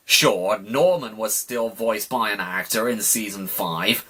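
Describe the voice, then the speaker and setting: A man's voice: lowish voice, measured pace, few pauses, sharp tone, slight background noise. Exasperated sarcastic man ranting. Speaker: YouTube reviewer. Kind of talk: ranting voice-over commentary.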